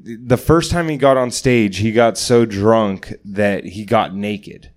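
A man's voice: lowish voice, takes it slowly. A man co-hosting a podcast, telling a long, rambling story with lots of swearing and fillers. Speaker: podcast co-host and stand-up comic. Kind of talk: casual chat.

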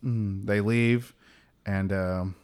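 A man's voice: fairly low pitch, steady tone, very slow, a little mellow, clean tone. A young man co-hosting a casual film podcast, loosely retelling a movie plot with lots of "yo" and "um" and easy laughter. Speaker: podcast co-host. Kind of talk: casual film discussion chat.

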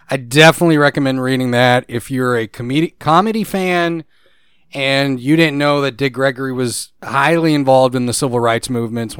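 A young man co-hosting a podcast, casual and rambling, his sentences trailing off softly. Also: medium pitch, clear, resonant tone, no room sound, studio quality. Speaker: podcast co-host. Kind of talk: casual chat.

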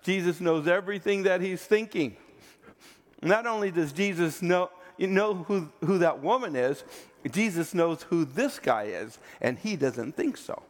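A male preacher delivering a sermon at a slow, deliberate pace, his pitch rising and falling with animated swings. His slightly high voice hangs in the long reverb of a hall. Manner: expressive, emphatic, often drops to a quiet intense tone.

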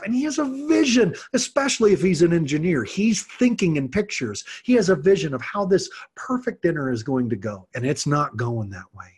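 A man's voice: a little high, big pitch swings, moderate pace, few pauses, darkish tone. A middle-aged man hosting a podcast monologue, giving earnest parenting advice and acting out quotes from kids and parents. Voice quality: husky. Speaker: podcast host, parenting coach and martial arts teacher.

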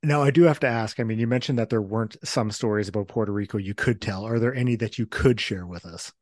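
A man's voice: lowish voice, fast talker, a little mellow, dry recording. A man hosting an interview, asking questions in a conversational way. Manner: conversational, leads with "I mean". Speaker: interviewer, host.

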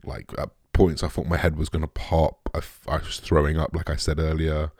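A young man talking candidly and emotionally to his viewers, halting often, restarting sentences and swearing. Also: very deep voice, flat delivery, a little mellow, husky, no room sound, clean studio sound. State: emotional, shaken. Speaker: vlogger. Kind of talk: candid personal talk to camera.

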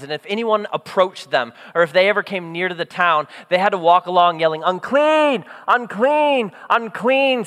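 A young man preaching a sermon as pastor, telling the story in an animated way and acting out the voices of the people in it. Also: high-pitched. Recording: long hall reverb.

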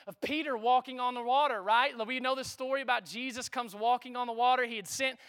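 High, bright-voiced preacher. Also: male voice, fast, clear, resonant tone. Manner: lively preaching with call-and-response asides. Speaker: pastor. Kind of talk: sermon.

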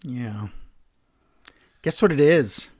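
Co-hosting a casual wrestling podcast, a man jokes sarcastically and does mocking impressions. His mid-range voice is animated yet very slow, a little mellow, with a breathy edge.

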